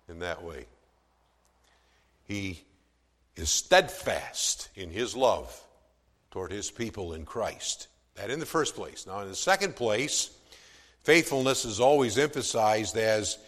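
A man preaching a sermon as pastor, swelling from soft to loud for emphasis, with some stammered restarts. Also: on the low side, expressive, takes it slowly, pauses often, long reverb tail.

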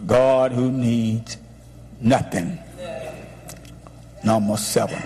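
A man's voice: mid-range voice, steady tone, extremely slow, dark tone. A man, a pastor preaching a sermon with emphatic, repetitive declarations.

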